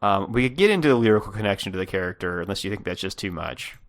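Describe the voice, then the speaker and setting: Brief: low-pitched male podcast co-host, halting casual talk, fillers, chuckles. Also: animated. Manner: hesitant, many fillers and restarts, laughs mid-sentence. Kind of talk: casual chat.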